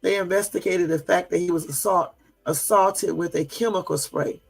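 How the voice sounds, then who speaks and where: A man with a gravelly, raised voice hosts a casual livestream and talks in an indignant, rambling way. He fills his talk with "um" and speaks straight to his live viewers. Soft music plays faintly behind him. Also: sits high, fairly even intonation, normal speed. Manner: indignant, rambling with many fillers; chats with and answers live viewers. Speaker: livestream host.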